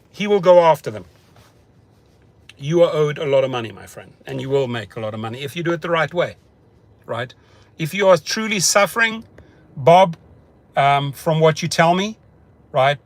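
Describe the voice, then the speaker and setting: A man's voice: fairly high pitch, fairly bright tone, dry recording. A man talking casually on a livestream from his parked car, chatty and often repeating words as he restarts his sentences. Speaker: rideshare driver host answering live chat.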